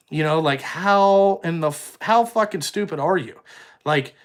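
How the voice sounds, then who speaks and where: Young trucking boss, fairly high-voiced man, blunt and profane, rambling live chat with viewers. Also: unhurried. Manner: blunt, heavy swearing, rambling. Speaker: trucking company owner. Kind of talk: casual livestream chat answering viewers.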